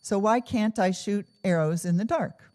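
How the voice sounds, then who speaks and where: A man's voice: high voice, moderate pace, darkish tone, lightly acted. A woman telling of an earnest young archer.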